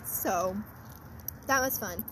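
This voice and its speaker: A woman's voice: mid-range voice, slow, fairly bright tone, low-quality recording. A teenage girl co-hosting a casual podcast, giggling often as she tells stories about school. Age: teens. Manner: giggly, chatty storyteller. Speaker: podcast co-host. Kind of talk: casual chat. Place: car in a parking lot at night. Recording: faint traffic noise in a parking lot.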